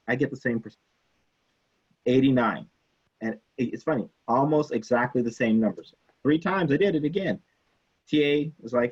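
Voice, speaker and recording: A man teaching chemistry in a casual, animated way, telling a story from his own student days and acting out the people in it. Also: mid-range voice, slightly rough, highs cut off. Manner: animated, acts out quoted people, swears casually. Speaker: chemistry instructor.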